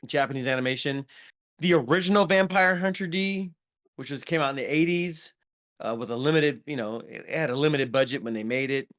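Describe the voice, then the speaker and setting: A man's voice: mid-range voice, fairly quick, fairly bright tone. A man co-hosting a podcast, chatting casually about films with lots of ums and restarts. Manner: rambling, many ums and restarts. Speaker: podcast co-host. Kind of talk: casual movie review chat.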